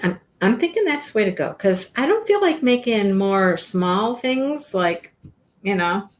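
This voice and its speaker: A woman hosting a crochet livestream, chatting casually and rambling as she works her stitches. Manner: chatty, rambling, talks to her cat in a high baby voice.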